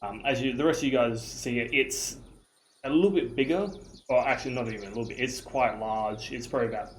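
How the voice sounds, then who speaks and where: Australian man, game master, mid pitch, hesitant, faint outdoor ambience. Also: level tone, fast talker, a little hiss or hum, rough recording. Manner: loose and hesitant, many fillers and restarts. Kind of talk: narrating a tabletop game.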